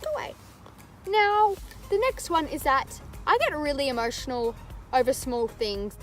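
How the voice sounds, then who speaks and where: A woman's voice: sits high, animated, normal speed, soft background music. A young woman, chatting candidly to camera in a rambling vlog. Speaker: vlogger. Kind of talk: casual chat to camera.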